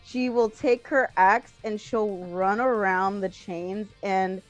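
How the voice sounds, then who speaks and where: Give me a woman player narrating her character's actions in a tabletop game, hesitant and full of fillers. Her voice sits at a middle pitch, the recording sounds dull and lo-fi, and faint music plays behind her. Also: fairly even intonation, slow. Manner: hesitant, full of ums and likes.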